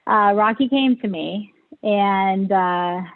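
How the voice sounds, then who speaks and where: A woman's voice: mid-range voice, takes it slowly. A woman guest telling a personal story in an interview, hesitant and emotional, with many fillers. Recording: tinny phone-like line.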